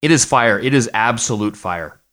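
A man's voice: mid-range voice, expressive, normal speed, pushed and bright. A middle-aged man co-hosting a podcast, chatting casually with jokes and a lot of restarts. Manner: rambling, joking, many restarts. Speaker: podcast co-host. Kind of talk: casual chat.

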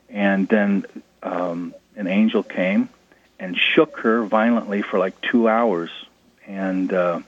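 A man, a guest author, telling personal stories in an interview in a relaxed way with fillers. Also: on the low side. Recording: tinny phone line.

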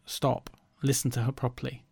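A man speaking in a reflective conversation, often halting and repeating words as he thinks aloud. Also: medium pitch, completely flat delivery, creaky, a little mellow, slightly rough, no room sound, clean studio sound.

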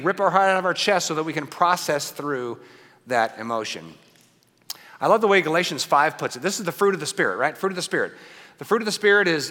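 A man preaching a conversational sermon, often checking in with his listeners and swinging between loud emphasis and hushed asides. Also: fairly high pitch. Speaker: pastor. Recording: long hall reverb.

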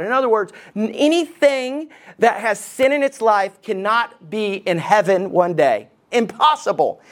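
A man preaching a sermon as lead pastor, animated, often asking the congregation questions. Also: sits high.

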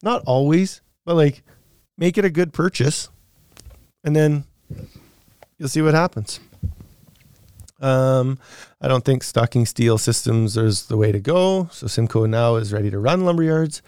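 A man's voice: mid-range voice, unhurried, long pauses, darkish tone, smooth, no room sound. A man co-hosting a podcast, answering listener questions in a casual, rambling way with fillers and laughs.

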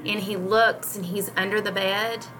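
A woman and homeschooling mom chatting casually on a podcast, retelling a picture book with animated storytelling and frequent laughs. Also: medium pitch, unhurried, background noise. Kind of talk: casual chat.

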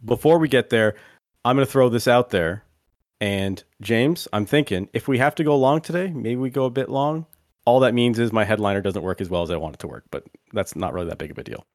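A man's voice: mid-range voice, fairly quick, no echo, studio quality. A man hosting a casual podcast chat, steering the segment and calling on his co-hosts by name. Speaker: podcast host.

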